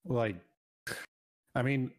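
A man's voice: medium pitch, fairly even intonation, drawn-out words. A man co-hosting a podcast in casual chat, rambling with many fillers and laughing easily. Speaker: podcast co-host.

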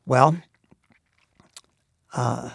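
A man preaching a sermon in an earnest, measured way, pausing often with "uh". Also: mid-range voice, fairly even intonation, gravelly, slightly rough. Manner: earnest, measured, with frequent "uh" pauses.

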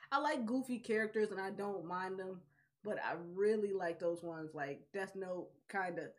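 Picture a woman co-hosting a relaxed chat about shows. She talks in a lively way, laughs often and drops into little voices whenever she quotes someone. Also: medium pitch, normal speed. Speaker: podcast co-host. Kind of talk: casual anime chat.

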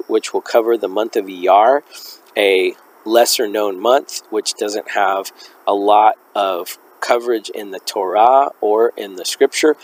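Low-voiced man teaching a faith podcast. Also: rough recording. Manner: musing and self-correcting while teaching, reads quoted text aloud.

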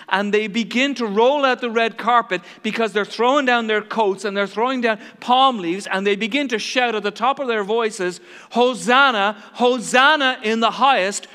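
A man's voice: very high-pitched, bright, forceful tone, in a large hall. A man preaching a sermon in a dramatic, emphatic way, acting out the quotes he reads.

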